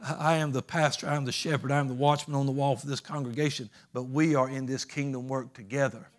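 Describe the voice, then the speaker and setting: A man's voice: mid-range voice, fairly even intonation, fast. Man, pastor, folksy preaching, emphatic calls. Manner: folksy, plainspoken phrasing. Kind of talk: sermon.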